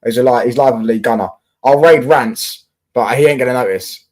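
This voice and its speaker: Casting: young London man, football streamer, loose and slangy, swears freely, mid-pitched. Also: quick pace, a little mellow. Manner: chatty, slangy, answers chat comments with swearing. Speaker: football livestream host. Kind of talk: casual livestream chat with viewers.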